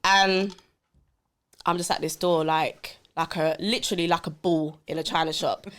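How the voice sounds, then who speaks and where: A woman, a podcast guest telling a story in a lively, swearing way and acting out the voices in it. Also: on the low side, moderate pace. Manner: animated, acts out quotes, swears. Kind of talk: casual storytelling.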